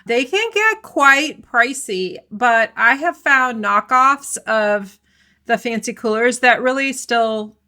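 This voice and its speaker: A woman's voice: fairly high pitch, lively intonation, slow pace, bright, forceful tone. A woman co-hosting a food podcast, chatting casually and explaining dishes to listeners. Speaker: podcast co-host.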